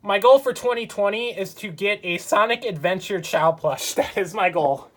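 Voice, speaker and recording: Giving a room tour of her home game room, a video creator films on a handheld phone and chats in a breezy, upbeat vlog manner packed with filler words. She has a mid-range voice and speaks at normal speed.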